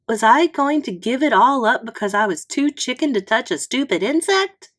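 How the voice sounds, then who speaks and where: Expressive woman reading a children's book. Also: on the high side. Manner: expressive, unhurried storytelling. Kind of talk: storybook read-aloud.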